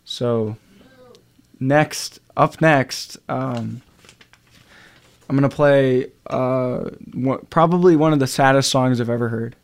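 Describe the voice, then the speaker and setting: A young man hosting a radio show, talking casually between songs in a halting, rambling way with lots of filler sounds. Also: medium pitch, clear, resonant tone.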